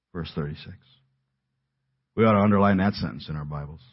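A middle-aged man preaching a sermon in an earnest, emphatic way, dropping his voice low at key words. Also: steady tone, fairly quick. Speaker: pastor. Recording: dull lo-fi audio.

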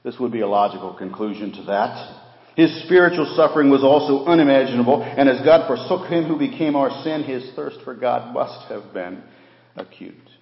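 A man preaching a Good Friday sermon as pastor. He quotes scripture, sometimes raising his voice for emphasis and sometimes dropping to a hush. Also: mid-range voice, fairly quick. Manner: quotes scripture, swings between raised emphasis and hushed delivery. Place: church sanctuary during an evening service. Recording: echoey hall, dull lo-fi sound.

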